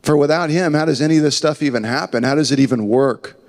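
A man's voice: a little high, quick pace, darkish tone, long reverb tail. A man preaching a sermon as the pastor of his church, earnest and conversational, telling a joke along the way. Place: church building.

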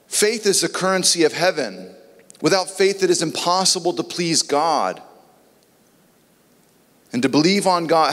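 An earnest male preacher delivers a sermon in a somewhat high voice. His words ring with a long reverb, as if spoken in a large hall. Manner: earnest, acts out biblical dialogue in voices.

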